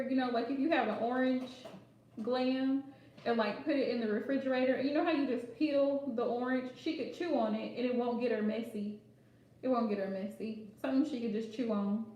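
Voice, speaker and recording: A woman's voice: sits high, a little mellow, highs cut off. A playful woman hosting a casual livestream chat, joking and laughing often as she talks. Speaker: host. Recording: very echoey room.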